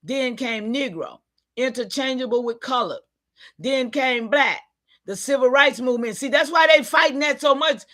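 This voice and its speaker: A woman giving an impassioned, preachy livestream talk, calling out to her listeners and sometimes shouting in frustration. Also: high voice, animated, normal speed. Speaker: online community leader.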